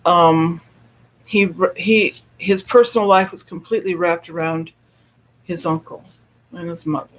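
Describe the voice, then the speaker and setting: A man with a notably high, slightly bright voice chats loosely with his live stream audience at an unhurried pace and in a steady tone. He laughs often and stops mid-thought to greet viewers in the chat before returning to his story.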